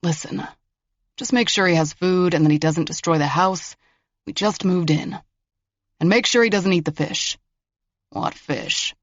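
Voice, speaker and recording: A man's voice: high-pitched, measured pace, long pauses, a bit bright, dry recording. Narrator guy doing a fed-up federal agent, dry and wry, sounds kinda muffled. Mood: exasperated. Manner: dry, exasperated. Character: exasperated, wry young male federal agent.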